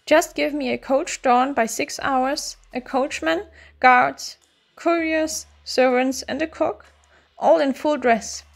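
Eager young male servant, as a woman reads him, boastful, commanding, high-pitched, brisk, storybook, faint music. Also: steady tone, creaky, full character voice.

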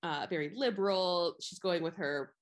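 A young woman with a fairly low voice co-hosts a casual podcast. She rambles in a chatty way, full of "like" and "um," and laughs often. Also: normal speed. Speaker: podcast co-host. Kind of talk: casual chat about a film.

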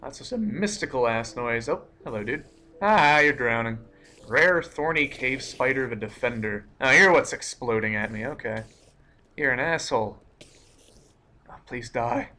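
Young man, bright edgy voice, excitable gameplay commentary, frequent swearing, startled yelps. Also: mid-range voice, normal speed, faint music behind. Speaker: let's play gamer.

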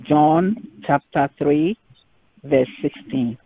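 A woman's voice: sits low, very slow, slightly rough, no room sound. A woman preaching a sermon to a conference call, stressing and repeating key phrases. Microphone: phone on a conference line. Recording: tinny phone line.

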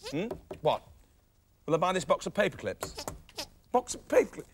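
Brief: flustered man hosting a kids' sitcom, voice fairly high and swinging wildly in pitch. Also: sing-song, moderate pace, slight background noise. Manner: flustered, pleading, comic. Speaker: children's show presenter. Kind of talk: sitcom comedy acting.

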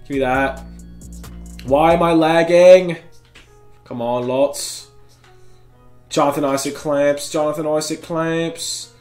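A young man talks over his video game as he plays, excitable and often frustrated, tossing out slang. His voice sits a bit high for a man, and faint music plays behind him. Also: slow, pauses often. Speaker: gaming YouTuber. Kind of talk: live gameplay commentary.

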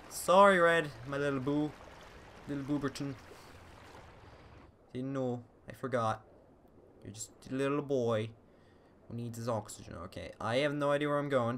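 A young man giving casual let's-play commentary, swearing often and bursting out excitedly between mumbled asides. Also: mid-range voice, slight background noise. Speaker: gameplay video host.

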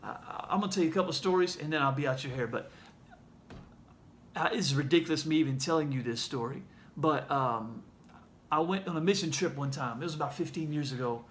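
A man with a Southern accent sharing a heartfelt message in a casual video, speaking earnestly and haltingly, with many fillers. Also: on the high side, a bit bright, slight background noise. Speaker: ministry leader sharing a message.

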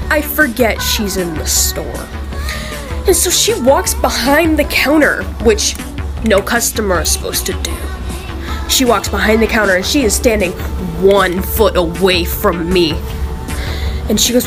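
A woman casually telling a funny retail story, acting out both sides with lively quoted voices. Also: a little high, normal speed, music in the background.

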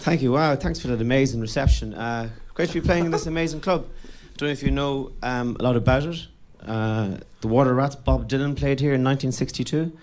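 A man's voice: mid-range voice, a little fast, hardly any pauses, a little mellow, slight background noise. A man with an Irish accent performing a stand-up set in a comedy club, telling wry, self-mocking stories and swearing casually. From Ireland. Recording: live club recording with laughing audience.

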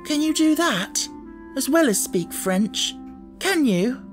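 A man reading an audiobook, voicing a timid, slow, awestruck chubby little girl who speaks hesitantly and with wonder. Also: high-pitched, lively intonation, over music, voice pushed up. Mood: awed.

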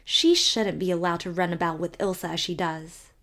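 A woman's voice: lowish voice, normal speed, fairly bright tone. A woman voicing a prim, gossiping older village woman who disapproves with tolerant, mock-pleasant airs. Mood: disapproving.

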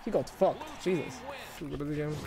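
A man commentating his own fighting-game stream, excitable and swearing, yelling at big plays. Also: a little high, normal speed, gravelly, over loud music.

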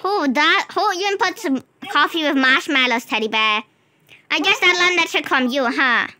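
A woman's voice: high voice, animated, normal speed, pushed and bright. A woman hosting a gaming channel, chatting to a co-player and to viewers as she narrates a role-play game.

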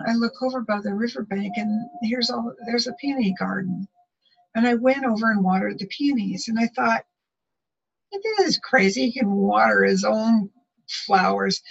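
A woman sharing a spiritual testimony, telling her story with lively acted-out dialogue. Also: mid-range voice, vocal fry, breathy edge. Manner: animated storytelling, acts out dialogue. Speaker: prayer group member. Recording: muffled lo-fi audio.

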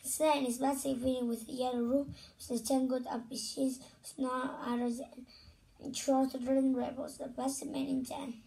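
A woman reading a children's story aloud, slowly and deliberately, often repeating phrases and stopping to comment. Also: high voice, level tone, vocal fry, dark tone, distant mic, rough recording.

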